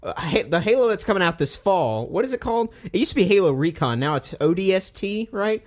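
A young man riffing about video games with a lively voice that jumps up and down in pitch. He swears freely and laughs easily. His voice sits a little high for a man. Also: a little fast. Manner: animated, profane, laughs often. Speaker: podcast host. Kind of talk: casual gaming chat.

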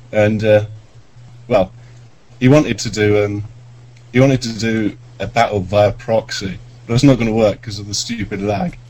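A man's voice: lowish voice, rough recording. A man calling in to a podcast, hesitant and full of ums. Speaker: caller. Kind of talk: call-in chat.

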